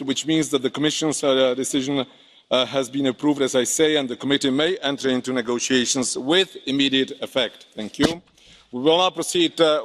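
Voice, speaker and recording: A man chairing a parliament session, calling votes in a halting, procedural manner with many fillers. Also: medium pitch. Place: large parliament chamber. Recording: long hall reverb, faint crowd.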